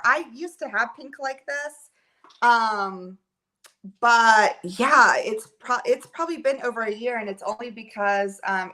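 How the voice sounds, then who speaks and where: A woman's voice: a little high, pushed and bright. A woman chatting casually at home with viewers of her live stream, rambling and using many filler words, recorded by a camera on a holder. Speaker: livestream host.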